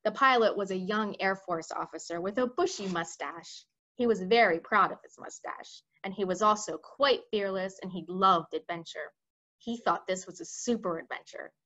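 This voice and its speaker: A woman reading a children's book aloud with expressive storytelling. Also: mid-range voice, moderate pace, lo-fi sound. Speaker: reader.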